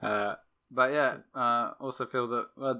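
A man's voice: mid-range voice, fairly even intonation, unhurried, pushed and bright. A man co-hosting a casual chat, easygoing and a little hesitant as he shares details. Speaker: podcast co-host.

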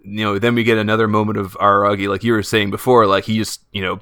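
Bright-voiced young man rambling casually. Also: fairly low pitch, level tone, fast talker, smooth, no echo, clean studio sound. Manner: rambling, lots of filler words. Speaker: podcast co-host. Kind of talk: casual chat about an anime.

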